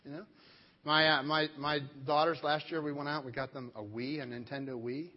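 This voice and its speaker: A male pastor preaching a sermon, telling a lively personal story and acting out family members. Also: a little high, a little fast, big-room sound, lo-fi sound.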